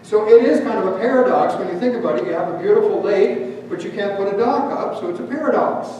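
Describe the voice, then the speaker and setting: Here the Canadian pastor sounds animated and fast, his high, mellow voice muffled in the recording. He's in a church sanctuary, weaving stories into his sermon and quizzing the congregation. Distant miking picks up the hall's echo and a faint hum.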